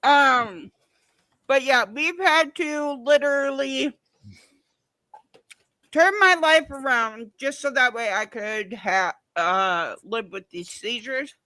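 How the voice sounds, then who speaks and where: High, bright-voiced woman talking bluntly. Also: slow pace, dry recording. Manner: blunt and profane, animated storytelling. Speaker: live streamer. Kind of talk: casual livestream chat.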